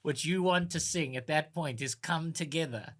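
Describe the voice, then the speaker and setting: A man's voice: a little high, normal speed, a bit bright. A man co-hosting a podcast, chatting with wry, mock-outraged teasing. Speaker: podcast co-host. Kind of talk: casual chat.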